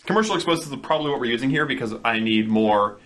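A man playing in a tabletop role-playing game, rambling and cautious with pauses. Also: mid-range voice, lively intonation, noisy background. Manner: rambling, cautious, pausing with ums. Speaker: player. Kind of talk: casual tabletop role-play.

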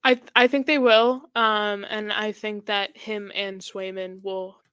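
A woman's voice: medium pitch, little pitch movement, takes it slowly, a bit bright, smooth, dry recording. A woman co-hosting a sports podcast, talking playfully with hesitant ums. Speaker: podcast co-host. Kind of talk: casual chat.

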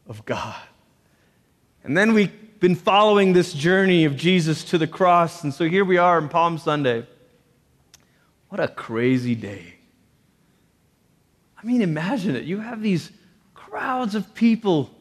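Man, preacher, sermon, animated, jokey asides, fairly high voice, long reverb. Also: a little slow.

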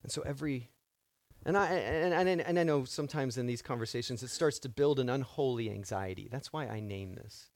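A man preaching a sermon as pastor, swinging between loud emphatic declarations and quiet asides, with repeated direct exhortations to his congregation. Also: mid-range voice, a little fast, dry recording.

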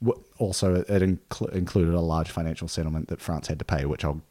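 Low-voiced man casually narrating history. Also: fairly even intonation, fairly quick, dark tone. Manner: reads notes with fillers and laughs easily. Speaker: podcast host.

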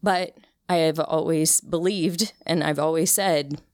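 A woman's voice: deep voice, steady tone, a little slow, dry recording, studio quality. A woman in her thirties, an interview guest, telling a personal story in an earnest, emotional way with frequent restarts. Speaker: interview guest, cancer survivor. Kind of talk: casual conversational interview.

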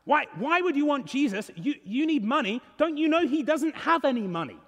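A man's voice: extremely high pitch, big pitch swings, normal speed, big-room sound, voice pushed up, full character voice. A man voicing a scornful crowd that mocks and scolds a beggar. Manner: scolding, mocking.

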